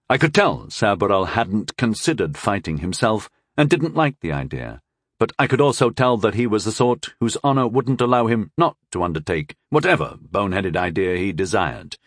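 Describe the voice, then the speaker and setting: A man narrating a first-person fantasy audiobook in a wry, expressive way. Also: lowish voice, moderate pace, no echo, studio quality.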